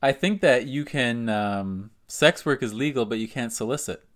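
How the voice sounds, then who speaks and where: Relaxed, matter-of-fact male co-host. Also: mid-range voice, normal speed. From Canada. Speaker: podcast co-host. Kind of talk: casual chat.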